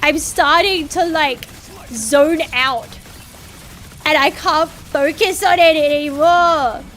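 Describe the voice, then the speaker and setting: A woman's voice: high-pitched, takes it slowly, fairly bright tone, a little hiss or hum. A woman streaming a game in casual chat, dramatic and whiny, swearing freely as she talks.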